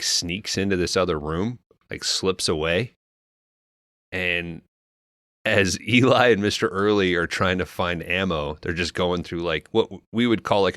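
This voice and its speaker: A very low-voiced man walks through a movie plot in loose, profane podcast chatter, tossing in characters' lines as he goes. His tone is bright and pushy, and the sound is dry and close. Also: no room sound. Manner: loose, profane storytelling with quoted asides. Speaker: podcast co-host recapping a film. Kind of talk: casual movie recap chat.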